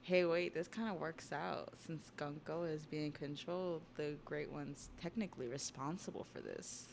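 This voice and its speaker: A woman's voice: low voice, normal speed, vocal fry, a little hiss or hum. A woman reading out the lines of a scheming, cruel male villain from a manga, sneering and mocking. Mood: gloating. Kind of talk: reading manga aloud on stream.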